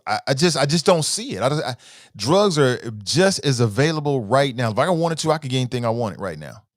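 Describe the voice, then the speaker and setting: A man's voice: medium pitch, very animated, fairly quick, no room sound, clean studio sound. A man hosting a talk show in a casual livestream commentary style, reading viewer comments aloud and often starting with "uh", then stressing words as he argues his points.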